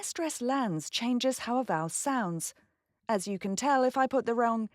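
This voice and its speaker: Lively, crisp woman teaching pronunciation. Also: a little high, measured pace, no room sound, studio quality. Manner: clear, precise, lively delivery. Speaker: voice actor and narrator, host. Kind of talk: pronunciation lesson.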